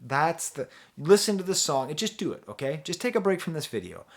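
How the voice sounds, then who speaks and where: A man's voice: a little high, sing-song, quick pace. A man talking casually as a music reviewer, rambling and chatty, with frequent restarts and easy laughter. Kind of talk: casual album review talk.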